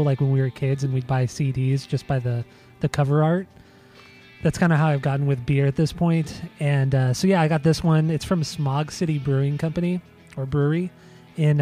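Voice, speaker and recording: A man's voice: a little high, warm tone. A man co-hosting a podcast, chatting casually and laid-back, swearing and teasing as he talks. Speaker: podcast co-host. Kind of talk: casual chat.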